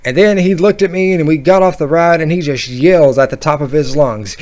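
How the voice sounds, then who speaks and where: A man tells a story casually and with animation, circling back and restarting his sentences. His speaking voice sits a bit higher than most men's. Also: brisk, hardly any pauses. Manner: rambling, animated, laughing at his own story. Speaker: vlogger.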